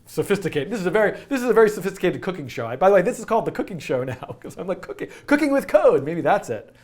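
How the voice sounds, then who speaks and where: A man's voice: high voice, big pitch swings, rapid-fire, darkish tone. A man teaching a live-streamed coding lesson, talking through his code as he types and joking at his own expense. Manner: chatty, self-narrating while typing code; jokey, laughs at himself. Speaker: coding instructor.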